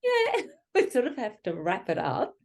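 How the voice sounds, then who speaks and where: Lively-toned Australian woman host. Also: medium pitch, unhurried, vocal fry. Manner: warmly encouraging, frequent laughs and agreeing. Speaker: podcast host. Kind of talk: casual interview chat.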